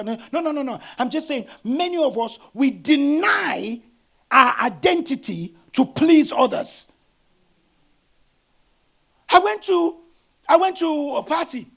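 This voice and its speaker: High gravelly-voiced preaching man. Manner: animated storytelling, bursts of shouting. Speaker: pastor. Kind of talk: sermon.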